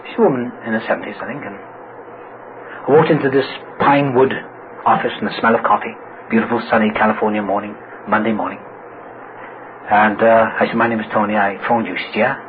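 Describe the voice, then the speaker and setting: A man's voice: on the low side, fairly even intonation, brisk, pauses often. A man giving a personal recovery talk, telling his story and acting out the voices of people he quotes. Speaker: AA speaker. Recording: tinny phone-like recording with noise.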